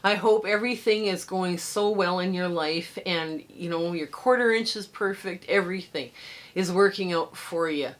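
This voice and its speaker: On a low-quality recording, a middle-aged woman speaks in a fairly low pitch at a moderate pace. It's a casual show-and-tell vlog for her quilting channel: she shows a quilt top in her sewing room, chatting and rambling a bit, then signs off warmly.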